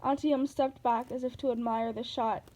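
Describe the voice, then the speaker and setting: Female narrator, novel read-aloud, warm tone, steady delivery. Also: fairly high pitch, normal speed, rough recording.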